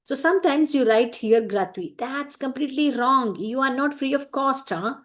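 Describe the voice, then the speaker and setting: A woman's voice: high-pitched, normal speed. Indian english lady teaching french letter writing, patient, keeps checking "right?". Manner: patient, repeats points, many "right?" checks. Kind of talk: explaining a French writing lesson.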